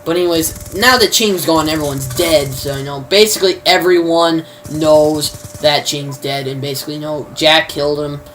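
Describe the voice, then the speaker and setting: A woman's voice: low voice, moderate pace, few pauses, a bit bright. A woman casually recapping a TV episode, rambling with many fillers, restarts and mild slang. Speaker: TV episode reviewer. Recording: distant mic, faint background noise.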